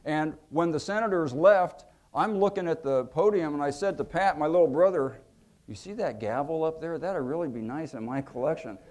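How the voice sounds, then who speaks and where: A man in his fifties, an author telling anecdotes to an audience at a museum event, acting out quotes with lively pitch and volume. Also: normal speed. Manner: animated, acts out quotes with lively shifts in pitch and loudness. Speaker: author giving a book talk.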